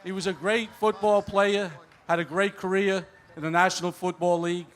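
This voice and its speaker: A man with a high voice introduces an award winner. He mixes praise with light jokes as he speaks. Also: fairly even intonation, normal speed. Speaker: award presenter.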